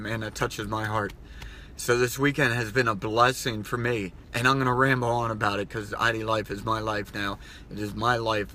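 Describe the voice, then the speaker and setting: A man's voice: lowish voice, bright, forceful tone, slight background noise. A man talking in an earnest, rambling personal vlog, choked up at times as he speaks. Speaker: vlogger.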